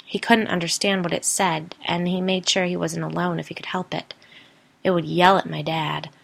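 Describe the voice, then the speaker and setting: A woman reading the part of a haunted young woman who tells her story in a quiet, matter-of-fact way. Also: on the low side, flat delivery, normal speed, creaky. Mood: recounting.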